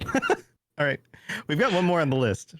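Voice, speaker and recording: A man's voice: on the high side, wildly swooping pitch, unhurried, slight background noise. A man co-hosting a gaming podcast in casual chat, tossing in teasing wisecracks. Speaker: podcast co-host.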